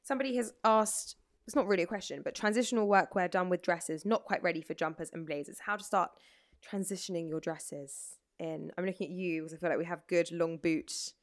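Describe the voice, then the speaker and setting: A woman co-hosting a casual fashion chat, chatty and quick to agree. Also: on the low side, fairly even intonation. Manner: chatty, warm-hearted, lots of agreeing. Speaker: podcast co-host.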